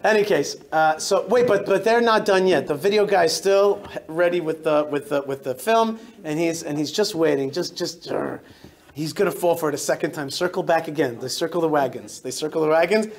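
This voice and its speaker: With a fairly high voice and a slightly quick pace, a rabbi delivers a live-style talk to the audience in a synagogue hall. He tells stories emphatically and energetically, repeatedly interrupting himself and restarting his sentences.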